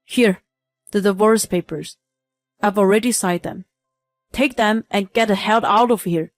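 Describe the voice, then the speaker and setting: A woman's voice: mid-range voice, a little slow, no echo, faint music behind, lightly acted. A woman voicing an arrogant, selfish young husband in a read-aloud story, talking down to his wife. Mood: angry. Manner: condescending, dismissive. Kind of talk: scripted story reading.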